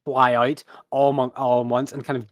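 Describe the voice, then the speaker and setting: A man's voice: medium pitch, level tone, moderate pace, no echo. A man running a tabletop game who narrates the scene loosely, with frequent ums and restarts. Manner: hesitant, full of ums and restarts. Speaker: game master.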